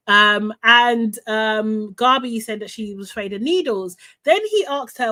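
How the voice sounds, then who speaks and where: A woman host chatting live to her viewers, animated and laughing often, with lots of fillers. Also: on the high side, a little slow, hardly any pauses. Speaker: host recapping a reality show. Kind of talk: live casual chat to viewers.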